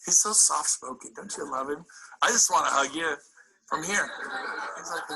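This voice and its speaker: A man coaching real estate agents at a live seminar, animated and incredulous, acting out what people said to him. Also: a little high, fairly quick, crowd noise, low-quality recording. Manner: animated, incredulous, acts out quotes. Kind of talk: motivational seminar talk.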